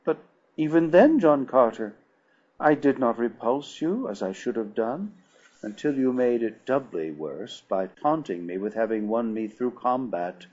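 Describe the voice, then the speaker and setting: A man voicing a young Martian princess in an audiobook, formal and measured in her sorrow. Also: medium pitch, expressive, darkish tone, breathy edge, lo-fi sound. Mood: sorrowful. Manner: formal, measured, old-fashioned speech. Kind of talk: audiobook reading.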